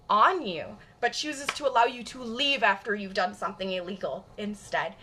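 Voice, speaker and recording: A woman's voice: a little high, sharp tone. A woman from Michigan with a general Michigan accent, chatting bluntly and emphatically with her viewers and swearing freely. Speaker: streamer. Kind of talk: casual chat with viewers.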